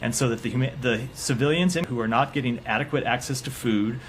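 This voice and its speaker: A man answering questions at a press briefing as a government spokesperson, in measured, formal, carefully hedged wording. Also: medium pitch, a little hiss or hum.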